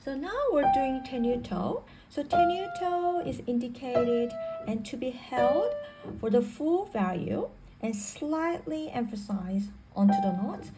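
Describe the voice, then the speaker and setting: A woman's voice: high voice, expressive, measured pace, rough recording. A woman teaching piano technique in a patient way, repeating and rephrasing each point. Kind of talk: spoken instruction. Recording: faint piano music behind. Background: piano playing.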